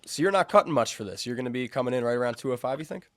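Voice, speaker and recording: Quick, lively interviewer man. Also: medium pitch, no room sound. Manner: upbeat, laughs easily, friendly questions. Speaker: host, interviewer. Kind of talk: casual interview.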